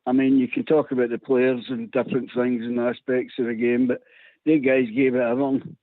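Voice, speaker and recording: A man's voice: medium pitch, flat delivery, a little fast, no room sound. A man calling in to a radio phone-in, chatting casually and laughing often between phrases. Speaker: phone-in caller. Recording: tinny phone line, dry.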